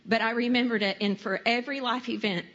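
A woman giving a heartfelt personal testimony, slowing down for emphasis. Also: on the high side, steady tone, fairly bright tone. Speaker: church member sharing testimony. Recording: dull recording in a reverberant hall, faint music.

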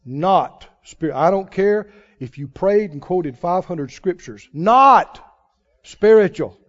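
A man preaching with a very high voice and a slow, deliberate pace. He swings his pitch widely from phrase to phrase. The muffled, lo-fi recording takes the top off his sound. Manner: animated preaching, mimics wailing prayers. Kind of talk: sermon.

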